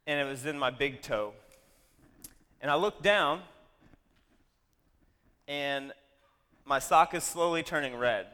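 A man with a slightly high, bright and crisply resonant voice tells a story to an audience. He keeps it animated and drops wry, self-deprecating asides. His words ring out with a long hall reverb. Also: slow pace, long pauses.

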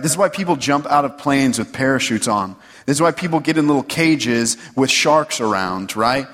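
A man giving a conversational sermon, loose and animated, often checking in with "right?". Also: medium pitch, long reverb tail. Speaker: preacher.

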